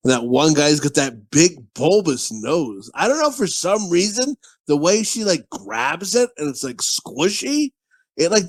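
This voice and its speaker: A man co-hosting a comedy podcast, with a voice a little higher than most men's. He rambles through crude, profane stories. His talk is packed with "like" and loose restarts. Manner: rambling, profane, full of fillers and laughter. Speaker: podcast co-host. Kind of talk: casual crude comedy chat.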